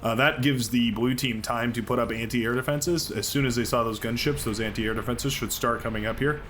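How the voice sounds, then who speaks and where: An American man calls a real-time strategy match in an upbeat, chatty way, stumbling over fillers and restarting his sentences. His voice sits at an ordinary middle pitch, with faint music running behind him. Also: fairly even intonation, fairly quick, fairly bright tone. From United States. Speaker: game commentator. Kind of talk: live strategy game commentary.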